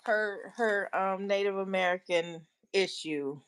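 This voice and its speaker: A woman's voice: medium pitch, takes it slowly, a crowd in the background. A woman on a livestream as a guest, chatting in an easygoing way with short agreeing replies and frequent laughter. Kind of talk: casual livestream chat.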